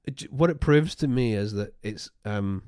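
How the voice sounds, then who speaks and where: A man's voice: on the low side, moderate pace, clean tone, no room sound, studio quality. Rambling man, casual podcast chat. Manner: rambling, animated storytelling with many restarts. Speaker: podcast co-host.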